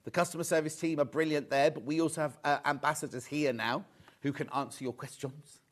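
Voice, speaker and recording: A man's voice: a little high, steady tone, a little fast. Chatty live shopping-show host, man. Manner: chatty, upbeat salesman patter, reads viewer messages. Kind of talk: live sales presentation.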